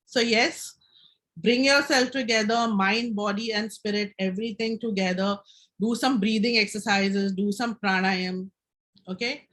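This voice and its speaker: A woman's voice: mid-range voice, steady tone, a little slow, fairly bright tone. A woman speaking at a live health session, explaining and guiding the audience through a breathing exercise while checking in with them.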